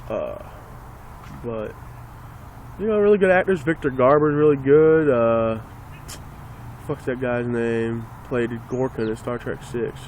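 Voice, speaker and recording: A man's voice: medium pitch, a little slow, long pauses, a little mellow, slight background noise. A man ranting casually and sarcastically into a phone, rambling and swearing as he talks. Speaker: vlogger.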